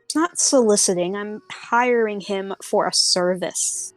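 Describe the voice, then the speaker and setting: A woman's voice: medium pitch, unhurried, no room sound, soft background music, natural voice, rough recording. A woman voicing a clueless young man who whines and gets defensive, in a tabletop game. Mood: whiny.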